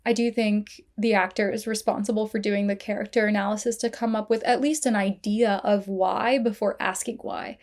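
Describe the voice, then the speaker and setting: A woman's voice: mid-range voice, fairly even intonation, a little mellow. A woman hosting a film review podcast, talking casually and chattily and filling her sentences with "like". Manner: chatty, peppered with "like", quick asides.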